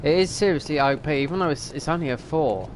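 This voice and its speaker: A man's voice: a little high, fast, slight background noise. A middle-aged man, rambling and thinking aloud as he comments on a game, now and then swearing at it. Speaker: streamer. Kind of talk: casual gameplay commentary.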